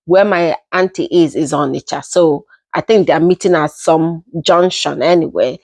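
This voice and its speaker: A young woman with a Nigerian accent telling a personal story in an unhurried, casual way, often repeating herself as she goes. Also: sits low, a little mellow, no echo. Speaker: storytelling vlogger.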